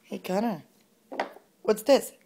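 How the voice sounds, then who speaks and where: A woman's voice: mid-range voice, slow, vocal fry, mellow, a little hiss or hum. A pregnant mother filming at home, coaxing her toddler with sing-song, encouraging questions.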